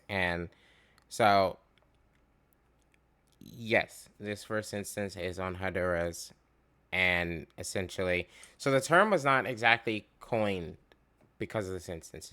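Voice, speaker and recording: A man's voice: low-pitched, measured pace, bright, forceful tone. A man giving casual, rambling commentary, swearing often as he rants while reacting to a video. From United States. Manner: profane, rambling, fired up.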